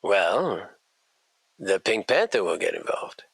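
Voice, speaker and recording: A man voicing a male debt collector on the phone, flat, low-key and quietly threatening. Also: slow, vocal fry, breathy edge, no room sound, full character voice. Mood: deadpan threat.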